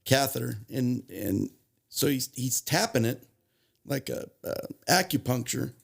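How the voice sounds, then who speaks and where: A man telling his recovery story as a podcast guest, halting and restarting as he goes, plainly moved as he recalls it. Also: mid-range voice, expressive, vocal fry. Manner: halting, restarts and self-corrections, emotional retelling. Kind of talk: personal storytelling.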